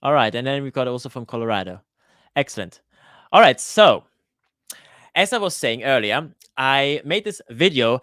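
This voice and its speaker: A man hosting a live Q&A for his cooking channel, chatting casually and greeting viewers by name, often pausing with "uh" and restarting his sentences. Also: medium pitch, very animated, a bit bright, no echo, studio quality. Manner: hesitant, with frequent "uh" fillers and restarts. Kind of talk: live-stream Q&A chat. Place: lives in Switzerland.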